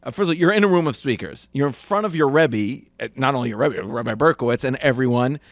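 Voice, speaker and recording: A man's voice: mid-range voice, expressive, fast talker, dry recording. A man co-hosting a casual chat, telling a story about himself in an earnest, self-deprecating way and laughing between lines. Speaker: podcast co-host.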